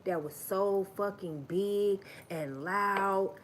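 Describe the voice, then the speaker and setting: A woman's voice: mid-range voice, takes it slowly, a little hiss or hum. A woman hosting a livestream, giving an emphatic, profane and repetitive motivational talk. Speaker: livestream host.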